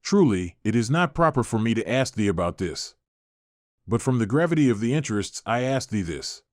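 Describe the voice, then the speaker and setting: A man's voice: medium pitch, big pitch swings, a little fast, no room sound, clean studio sound, natural voice. A man reading as an anxious serpent king.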